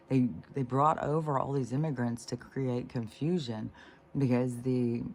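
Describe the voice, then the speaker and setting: A casual vlog monologue from a speaker of middling pitch who wanders between thoughts, trailing off into fillers and restarts. The tone runs indignant and disgusted, with loose swearing and moments that drop almost to a whisper. A faint ambient hum sits under the voice. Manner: meandering, with frequent fillers and restarts; drops to a soft near-whisper at times. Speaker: vlogger.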